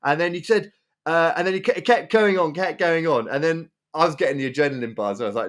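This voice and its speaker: A man co-hosting a podcast, telling a story in casual chat. His voice sits a little high, and he talks in an animated way, often repeating himself and restarting his sentences. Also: fast talker. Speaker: podcast co-host.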